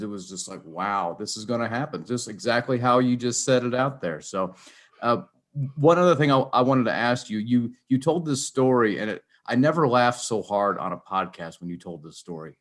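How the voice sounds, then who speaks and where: A man calling in with a question, stumbling over his words and laughing often. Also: on the low side. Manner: halting, repeats words, laughs a lot. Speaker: caller asking a question. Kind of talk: casual chat.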